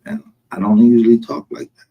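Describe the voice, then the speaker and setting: A man's voice: mid-range voice, brisk, dark tone, dull audio. A man with a Southern US accent hosting a livestream, talking in a profane, mocking way and laughing often. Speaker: streamer host. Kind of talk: casual livestream commentary.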